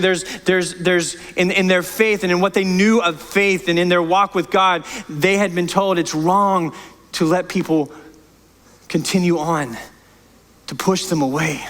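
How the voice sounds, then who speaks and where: A high-voiced, slightly bright-sounding pastor delivers a sermon in a church sanctuary with a big-room sound. He is impassioned and emphatic, often repeating and restarting words.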